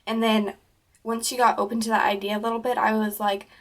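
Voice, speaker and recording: A woman's voice: on the high side, little pitch movement, brisk. A teenage girl giving casual advice to camera, talking chattily with lots of "like" and "um", and acting out the conversations she describes. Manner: chatty, peppered with "like" and "um"; acts out quoted conversations in livelier voices. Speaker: vlogger.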